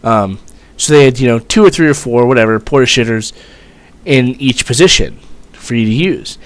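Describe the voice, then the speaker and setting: A man's voice: medium pitch, expressive, moderate pace, dry recording. A young man, a former Marine, telling a story in a rambling, profane way, full of fillers. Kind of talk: casual storytelling vlog.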